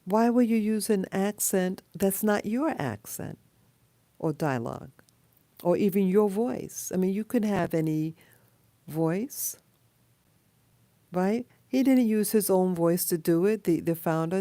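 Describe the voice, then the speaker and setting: A woman talking casually in a rambling monologue, pausing often with fillers and restarts. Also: mid-range voice, expressive, dark tone, no room sound. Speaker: video blogger.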